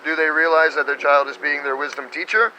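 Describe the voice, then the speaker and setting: A man teaching meditation in a casual spiritual talk, animated and slipping into little quoted voices. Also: a little high, fairly quick, a little hiss or hum, low-quality recording.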